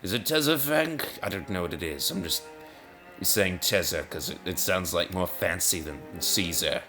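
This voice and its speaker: A man's voice: low-pitched, lively intonation, moderate pace, music in the background. A man rambling through casual, self-mocking commentary while he plays brain-training games. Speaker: gaming video host.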